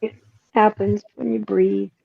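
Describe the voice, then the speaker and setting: A woman's voice: medium pitch, little pitch movement, measured pace, creaky, narrow, tinny audio. A woman guest joining a casual chat, mostly with short replies and quips. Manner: brief back-channel replies and quips. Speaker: guest artist.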